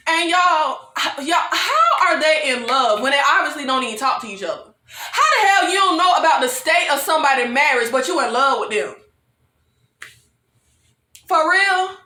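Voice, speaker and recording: A woman's voice: high voice, big pitch swings, normal speed, bright, forceful tone, reverberant. A woman vlogger recapping a TV episode in a casual, exasperated rant, calling her viewers "y'all", swearing and laughing between lines. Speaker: TV review vlogger.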